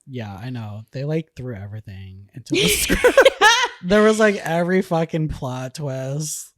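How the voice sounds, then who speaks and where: A woman's voice: rumbling low, wildly swooping pitch, normal speed, no echo, clean studio sound. A young woman co-hosting a podcast, chatting casually about a film and joking about its plot. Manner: laughs often, jokey asides. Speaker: podcast co-host. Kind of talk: casual film review chat.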